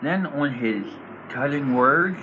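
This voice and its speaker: A man casually explaining his tabletop role-playing character, rambling and animated and laughing often. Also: mid-range voice, takes it slowly, dull audio, noisy background.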